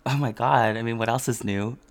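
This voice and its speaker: A man's voice: medium pitch, a little fast. A man who performs as a drag queen, co-hosting a podcast in an upbeat, bubbly, jokey chat before a live audience.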